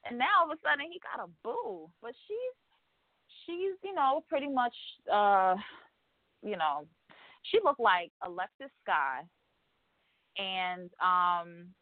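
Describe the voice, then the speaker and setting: A woman with a mid-range voice co-hosts a radio show, recounting reality TV drama sassily and profanely as she rambles and mimics quotes. The recording has no echo and a dry, narrow, phone-like quality.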